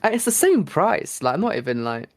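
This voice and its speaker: A man from the United Kingdom hosting a podcast, chatting casually in quick rambling bursts with lots of fillers. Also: on the high side, big pitch swings. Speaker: podcast host. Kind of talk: casual chat.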